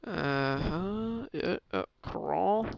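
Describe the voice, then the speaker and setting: A man talks his way through a hockey management game on stream, slowly and with plenty of fillers and restarts. His voice sits a bit high for a man, with a gravelly, smooth edge, and it comes through dry and close to the mic. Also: animated, no echo, low-quality recording. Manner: thinks aloud, halting with fillers and restarts. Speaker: gaming streamer. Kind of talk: casual gameplay commentary.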